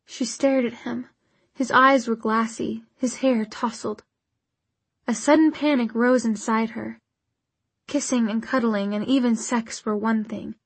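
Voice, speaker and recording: Breathy woman narrating a novel. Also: a little high, steady tone, a little slow, dry recording. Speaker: audiobook narrator. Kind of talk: scripted narration.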